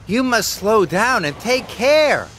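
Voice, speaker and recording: A kindly old engine who speaks gently and a bit out of breath, voiced by a man. His voice is raised over the narrator's and sounds patient and careful. Cartoon storybook feel. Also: sits high, huge pitch swings, a little slow, a little hiss or hum, pitched above the performer's own voice, heavily acted. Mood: gentle. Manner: soft, breathless and apologetic.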